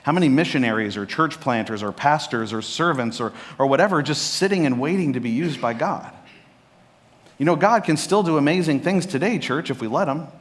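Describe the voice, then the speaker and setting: Animated male pastor preaching. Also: a little high. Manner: animated storytelling, acting out Bible characters' lines. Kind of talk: sermon. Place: church sanctuary.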